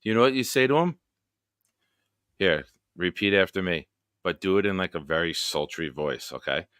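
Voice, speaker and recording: A man's voice: sits low, expressive, moderate pace, fairly bright tone, smooth, dry recording. Joking, crude male stream host. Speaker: show host. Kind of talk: casual live-stream banter.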